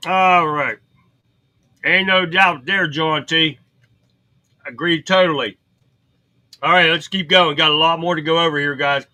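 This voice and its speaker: Hosting a political livestream, a man reads headlines aloud and then rants about them bluntly and profanely, chatting with viewers as he goes. His voice is slightly high and sharp, with fairly even intonation, an unhurried pace and long pauses. The recording is rough.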